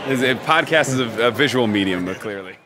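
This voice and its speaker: A man, a wrestling broadcaster, chatting as a guest in a friendly, relaxed way. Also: mid-range voice, brisk. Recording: noisy crowd behind.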